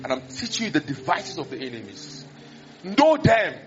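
Brief: high-voiced male preacher, lively storytelling sermon. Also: normal speed, over music. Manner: animated, acts out scenes, exclamations. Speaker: pastor. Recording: dull lo-fi recording.

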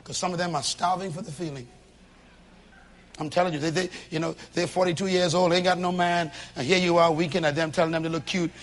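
Male preacher, high-pitched, delivering a punchy sermon with loud bursts and quiet asides. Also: a little fast. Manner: animated and emphatic, swinging between loud bursts and low asides. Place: church with a congregation.

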